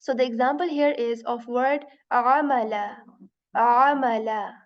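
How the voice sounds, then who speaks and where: A high-pitched woman teaches a beginners' class, patiently repeating each sound and checking in with "right?" between explanations. The recording is dull and lo-fi. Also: steady tone. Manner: patient, repeats sounds slowly, many "you know" and "right?". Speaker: Quran teacher. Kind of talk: online lesson.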